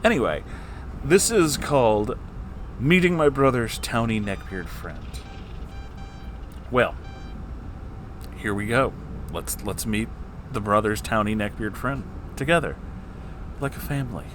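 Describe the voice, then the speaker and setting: Sarcastic low-voiced man reading stories. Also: animated, takes it slowly, pauses often, noisy background. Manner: sarcastic, joking asides. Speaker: story reader. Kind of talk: comedic story reading with commentary.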